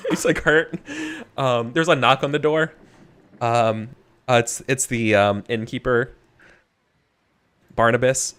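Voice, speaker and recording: A man's voice: mid-range voice, a little slow, clear, resonant tone. A man running a tabletop game as game master, narrating with lots of fillers and laughter. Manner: animated, laughing often, many fillers.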